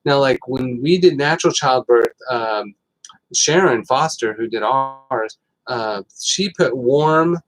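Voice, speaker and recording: Rambling, animated male health show host. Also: mid-range voice, slow pace, rough recording. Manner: rambling, animated storytelling with fillers. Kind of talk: casual health talk.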